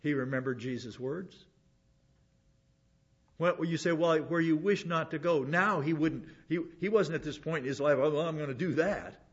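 A man's voice: a little high, normal speed, slightly rough. A man teaching through a Bible passage in a casual, folksy way, wandering into personal stories. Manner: folksy, digressive storytelling with restarts. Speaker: pastor. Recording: dull lo-fi sound.

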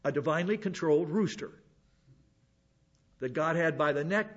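A pastor with a fairly high, breathy voice and lively intonation takes a measured pace with long pauses as he teaches from the Bible. He tells folksy personal stories, wandering off topic and restarting. The audio is dull and lo-fi.

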